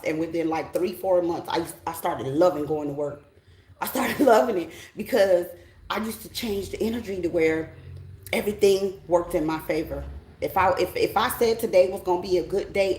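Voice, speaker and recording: A woman's voice: lowish voice, a little mellow, echoey room, low-quality recording. A middle-aged American woman giving a blunt, emphatic spiritual pep talk as a tarot reader, often checking in with her listeners.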